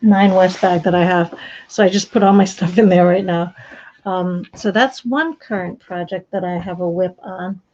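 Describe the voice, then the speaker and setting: A woman's voice: on the low side, fairly even intonation, normal speed, mellow, highs cut off. Chatty woman hosting a craft stream. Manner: rambling, chatty, with frequent restarts and laughs. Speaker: knitting podcast host. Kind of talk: casual live stream chat.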